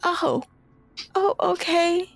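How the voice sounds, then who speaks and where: A woman's voice: very high-pitched, drawn-out words, gravelly, pitched above the performer's own voice, full character voice. A woman voicing a nervous young female asylum patient who pleads and hesitates. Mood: timid.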